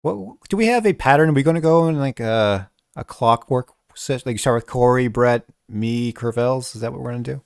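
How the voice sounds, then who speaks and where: A man's voice: medium pitch, fairly quick, vocal fry, few pauses, clean tone, no room sound, clean studio sound. A man hosting a casual game-of-the-year livestream chat with friends, joking and swearing freely. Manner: joking, profane, animated. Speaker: podcast host.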